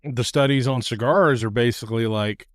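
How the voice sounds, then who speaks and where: Man, podcast host, mid-pitched voice, relaxed casual chat, dry close sound. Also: moderate pace, no echo. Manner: relaxed, laughs easily. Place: outdoor patio.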